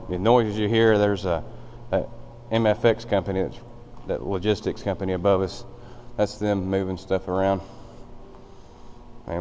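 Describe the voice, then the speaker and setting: A man with a deep, low voice walks a handheld camera through a big empty factory. His talk is casual and plainspoken and rambles along with fillers. A faint hum sits under his voice. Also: darkish tone. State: out of breath. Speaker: vlogger touring a building. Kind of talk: casual walkthrough narration. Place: large empty old factory, indoors.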